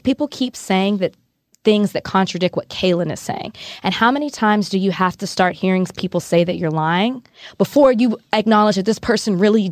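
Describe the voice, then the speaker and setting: A woman's voice: mid-range voice, dry recording, studio quality. Blunt woman podcast co-host. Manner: blunt and outspoken. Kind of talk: casual chat.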